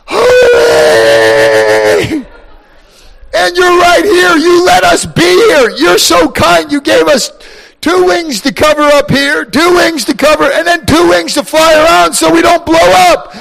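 A man's voice: very high voice, measured pace, creaky, pitched above the performer's own voice, exaggerated voice, low-quality recording. A man crying out as awestruck heavenly creatures. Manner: shouting, crying out in awe.

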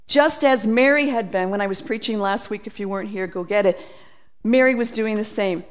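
A woman preaching a sermon, animated, acting out quoted voices and reading scripture aloud. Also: mid-range voice, fairly quick.

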